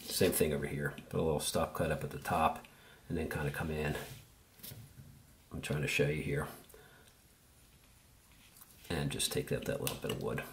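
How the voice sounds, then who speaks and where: A man's voice: extremely low pitch, steady tone, normal speed, long pauses, slight background noise. A man giving an easygoing, step-by-step tutorial while he works, thinking aloud as he goes. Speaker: woodcarving instructor.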